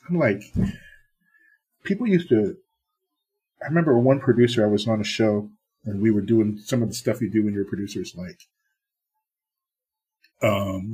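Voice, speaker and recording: A man's voice: lowish voice, husky. A middle-aged TV producer from the US East Coast, telling blunt, profane stories in a casual interview and acting out the exchanges he quotes.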